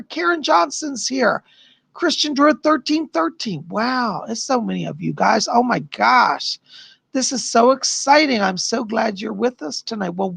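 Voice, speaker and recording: A bubbly, gushing man chatting casually on a live stream as a psychic host. His voice sits unusually high and is heavily gravelly, with a husky, rough edge. The sound is close and dry, with no room around it. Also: a bit bright, no echo. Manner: bubbly, gushing, laughs often.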